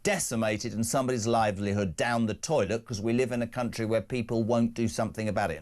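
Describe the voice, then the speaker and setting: A man's voice: lowish voice, fast talker, hardly any pauses, a little mellow. A man hosting a radio breakfast show, ranting and joking in brash, opinionated banter.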